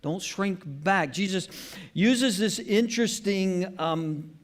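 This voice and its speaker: A man's voice: sits high, animated, slow. A man preaching a sermon as pastor at a church service, earnest and emphatic, repeating his key phrases.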